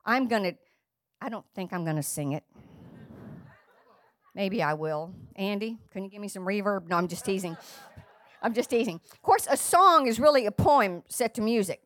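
An older woman preaching a sermon from the pulpit of a church, chatty and playful, with bursts of excitement. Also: medium pitch, normal speed, long pauses, no room sound. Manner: lively, chatty and playful, sings snatches of a song. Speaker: guest preacher. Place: church sanctuary.

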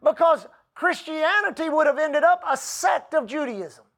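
A man preaching a sermon, reading scripture slowly and calling out to the congregation for responses. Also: very high-pitched, lively intonation, a bit bright. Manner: preaching with rising emphasis and call-and-response; reads scripture aloud slowly. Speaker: pastor.

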